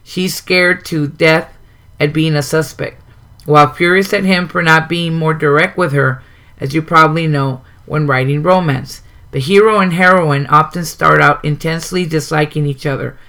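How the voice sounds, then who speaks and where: Bright-voiced man reading aloud. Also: on the high side, fairly even intonation, moderate pace, vocal fry. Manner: plain reading with occasional ums and asides. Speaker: host reading a writing guide. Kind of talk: reading a book aloud with comments.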